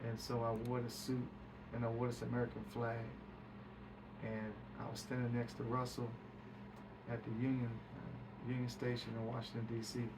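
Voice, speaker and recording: A man's voice: mid-range voice, completely flat delivery, moderate pace. A man recounting a story as a guest, acting out quoted speech and swearing freely. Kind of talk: animated storytelling. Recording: distant mic with background hiss.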